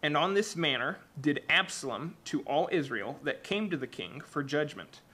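A man preaching a church sermon and reading aloud from the Bible, halting often with fillers and restarts. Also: on the high side, animated, pushed and bright, slightly rough. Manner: hesitant, many fillers and restarts.

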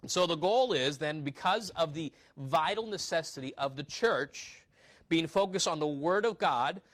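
A male pastor preaches in a loose, conversational way, reading scripture aloud and asking his congregation rhetorical questions. His voice sits a little higher than most men's. He talks the text through like a teacher rather than thundering. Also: fairly bright tone. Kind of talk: sermon.

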